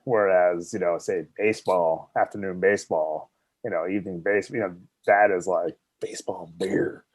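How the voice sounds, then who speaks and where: A man chats casually as podcast co-host, easygoing and quick to laugh. His voice sits on the low side and sounds dry, right up on the mic. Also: fairly even intonation, husky, dry recording. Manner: laid-back, laughs often. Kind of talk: casual chat. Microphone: own mic at home, remote call.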